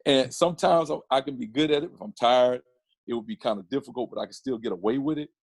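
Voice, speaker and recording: A man talking as a podcast guest, his voice husky and his delivery animated, often restarting mid-sentence. The sound is close and dry, with no room around it. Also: medium pitch, quick pace, dry recording. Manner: animated storyteller with many restarts. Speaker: podcast guest, comedian and photographer. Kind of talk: casual interview chat.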